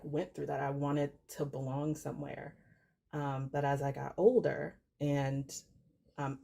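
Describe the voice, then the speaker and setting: A middle-aged woman guest speaking reflectively in a casual live-stream chat, soft-spoken with many fillers. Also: low-pitched, gravelly.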